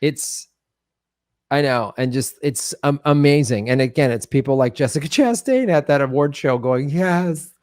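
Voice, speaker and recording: A man's voice: mid-range voice, animated, moderate pace, a little mellow, no room sound. Sardonic man with a dry, close sound. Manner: sardonic, joking asides. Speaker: podcast co-host. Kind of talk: casual comedic chat.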